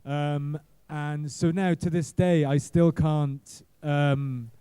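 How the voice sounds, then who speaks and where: Middle-aged male panel guest, mellow smooth voice, halting self-deprecating storyteller, dry close sound. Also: on the high side, fairly even intonation, no echo. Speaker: guest actor. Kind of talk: casual convention panel storytelling. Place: convention panel room.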